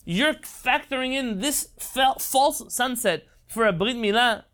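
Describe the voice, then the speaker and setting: A man's voice: very high-pitched, measured pace, pushed and bright. A man giving an impassioned Torah lecture, emphatic and rhetorical. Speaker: rabbi.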